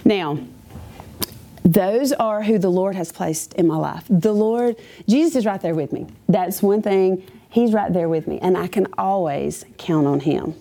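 Lady teacher telling her faith story to a crowd, funny asides, soft mellow voice. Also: on the low side, measured pace. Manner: chatty, self-deprecating and humorous, with many asides. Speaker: schoolteacher. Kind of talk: personal faith testimony to a live audience.

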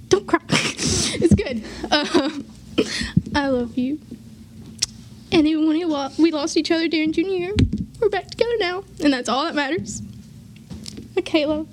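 A woman's voice: very high voice, background noise. A graduating teenage girl, giving a heartfelt farewell speech to her church youth group, tearful and laughing through tears. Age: late teens.

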